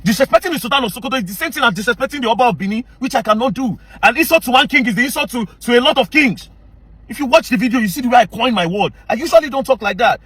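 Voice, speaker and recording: Brief: Nigerian man with a Pidgin-inflected accent, rapid-fire and confrontational, dry close sound. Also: very high voice, lively intonation, fairly bright tone, breathy edge, dry recording. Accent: Nigerian Pidgin-inflected English. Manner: confrontational, heated, mixes English with Pidgin. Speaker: social media commentator. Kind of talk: angry direct-to-camera rant.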